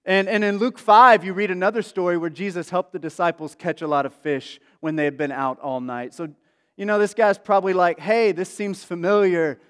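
With a high-sitting, smooth, fairly bright voice, a man moves briskly through a conversational sermon as a pastor. He's chatty and leans on many asides and fillers, and the sound is washed in the long reverb of a large hall.

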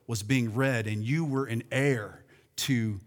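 A man preaching a sermon as pastor, animated, calling out to his congregation and swinging between loud and soft. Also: mid-range voice, slow pace. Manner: animated preaching with call-and-response and swings in loudness. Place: church sanctuary.

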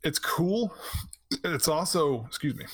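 A man's voice: fairly high pitch, unhurried, husky, no room sound, studio quality. A man in his thirties hosting a podcast, chatting casually and acting out quotes with a laugh. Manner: animated storyteller, laughs often, acts out quotes. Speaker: podcast host. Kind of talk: casual chat.

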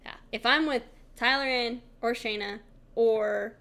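A woman co-hosting a podcast in casual chat, telling animated stories and acting out other people's voices with big jumps in pitch. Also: a little slow. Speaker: podcast co-host.

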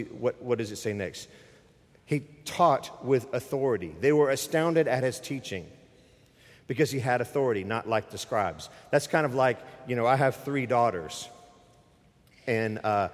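A man's voice: medium pitch, long reverb tail. A middle-aged man preaching a sermon in a church, speaking emphatically and conversationally through a microphone and appealing directly to the congregation. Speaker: pastor. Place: church sanctuary.

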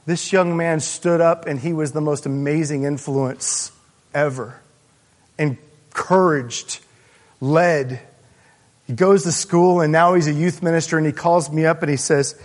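A man preaching a sermon as pastor, telling a story earnestly and haltingly, with frequent restarts. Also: fairly high pitch. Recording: long hall reverb.

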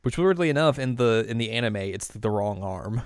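A man co-hosting a podcast, recapping an episode in a casual, animated way with frequent laughs. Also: lowish voice, normal speed, no room sound, studio quality. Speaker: podcast co-host.

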